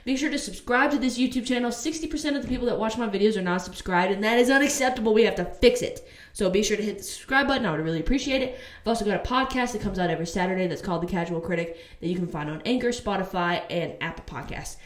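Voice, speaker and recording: A woman's voice: mid-range voice, fast talker, roomy sound. A woman vlogger giving a casual TV review, ranting heatedly and swearing.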